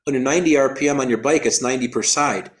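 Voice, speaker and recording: A man with a middle-pitched voice recounts an endurance race in an interview. He often restarts and repeats his words, and he explains things in a careful, technical way. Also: quick pace. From United States. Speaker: endurance athlete guest. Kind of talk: storytelling interview.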